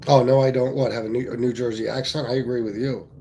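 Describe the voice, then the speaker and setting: A man's voice: mid-range voice, little pitch movement, fast talker, warm tone, slight background noise. A man from Pennsylvania hosting a casual livestream, talking bluntly with plenty of swearing and reading viewer comments aloud. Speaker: livestream host.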